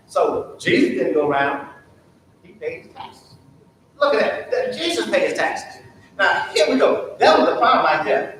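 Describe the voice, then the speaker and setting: Echoey preacherly man, high voice. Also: big pitch swings, measured pace, fairly bright tone, a little hiss or hum. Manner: preacherly call-and-response, asking the class questions. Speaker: Sunday school teacher. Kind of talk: Sunday school lesson. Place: church. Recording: very echoey church room from far off.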